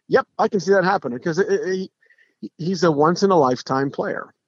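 A middle-aged man, a podcast guest, telling stories in a casual, animated way, with frequent restarts and acted-out quotes. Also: high voice, moderate pace, dry recording. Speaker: podcast guest, pro golfer. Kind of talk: casual storytelling. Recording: dull lo-fi podcast audio.

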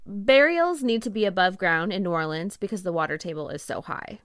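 Woman reading history script, dry close sound, steady pace. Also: medium pitch, brisk, no room sound. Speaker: podcast co-host.

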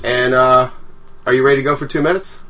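A man hosts a casual chat, joking and quick to laugh. His voice is bright, and faint music plays underneath. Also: medium pitch, steady tone. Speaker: host.

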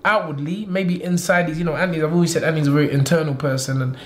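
A man, a boxing trainer and manager talking in a casual interview, animated and quick to laugh, repeating himself for emphasis. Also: on the high side, a little hiss or hum. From England.

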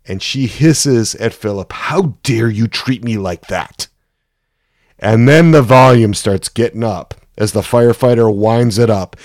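A man's voice: medium pitch, darkish tone, no room sound. A man lecturing on psychotherapy through a vivid case story, checking in often, dry close sound. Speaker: psychotherapy teacher.

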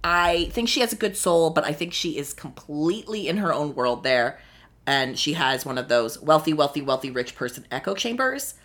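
Snarky, animated young woman. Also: normal speed. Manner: animated, snarky and profane, with sudden high exclamations. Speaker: podcast host recapping a reality show. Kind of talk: casual solo commentary.

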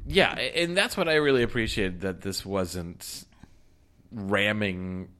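Woman with a really low voice, slow and bright, cracking dry jokes on a movie podcast. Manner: dry wisecracking asides. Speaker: podcast co-host. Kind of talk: casual movie chat.

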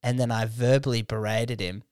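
A man's voice: medium pitch, steady tone, moderate pace, a little mellow, clean tone, no echo, clean studio sound. A man with an Australian accent, a comedian on a podcast, telling a story in loose, slangy banter with some swearing. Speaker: comedian guest.

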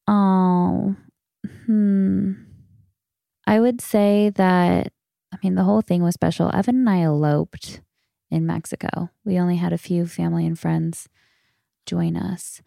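Gravelly low-voiced woman podcasting solo. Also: no room sound, studio quality. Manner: frank, warm coaching tone with casual swearing. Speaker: podcast host. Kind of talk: solo podcast Q&A, casual and candid.

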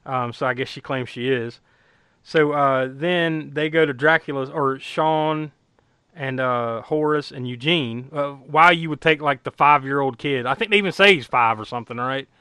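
A man's voice: medium pitch, moderate pace, pushed and bright, smooth, no echo. A man casually recapping a movie plot, rambling with lots of fillers and frequent laughter. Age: adult who was eight or nine when the film was new.

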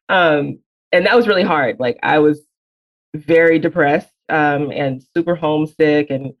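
A young adult author from Alabama, answering interview questions thoughtfully with many pauses. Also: mid-range voice. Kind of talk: reflective conversational interview answers. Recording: slightly dull, lo-fi sound.

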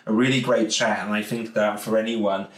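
Welsh male podcast host, low-ish voice, effusive and rambling, echoey room. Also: fairly even intonation, moderate pace. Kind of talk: casual interview wrap-up. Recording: roomy echo.

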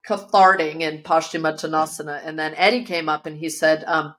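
This interview guest has a deep, steady voice that is brisk and a bit bright. Recorded in her yoga studio, she brings a personal story to life, performing the voices of the people in it.

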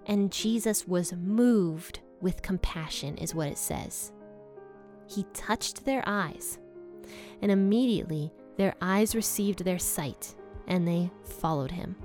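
A woman's voice: fairly low pitch, takes it slowly, darkish tone, soft background music. A woman teaching from the Bible in a casual, personal, earnest way. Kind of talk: casual devotional talk.

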